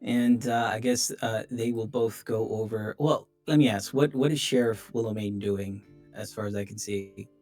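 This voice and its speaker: A man's voice: lowish voice, steady tone, moderate pace, hardly any pauses, a little mellow, faint music behind. A man playing a tabletop game, talking hesitantly and thinking aloud with many fillers. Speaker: player.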